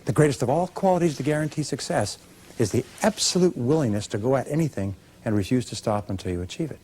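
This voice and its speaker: This male motivational speaker talks quickly to a live audience, his medium-pitched voice expressive, a little mellow, with a breathy edge. Emphatic throughout, he performs little dialogues and draws the crowd into call-and-response.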